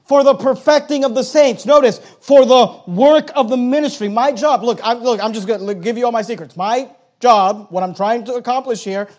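Middle-aged male pastor, very high voice, emphatic sermon delivery with hushed asides. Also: normal speed, hardly any pauses. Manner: emphatic preaching with sudden drops to a hush.

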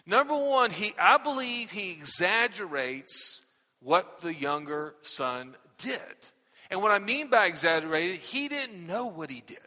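A male pastor preaching a sermon to his congregation, animated and tagging "okay?" onto nearly every point. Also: sits high, unhurried, long reverb tail. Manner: animated, repeats "okay?" constantly. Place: church sanctuary. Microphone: microphone.

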